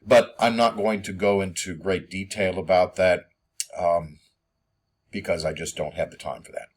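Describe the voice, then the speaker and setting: A man giving a poetry lesson, reading verse slowly and filling his explanations with ums and uhs. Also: sits low, steady tone. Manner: hesitant, many ums and uhs; slow, measured reading of verse. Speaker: teacher. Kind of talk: poetry lecture.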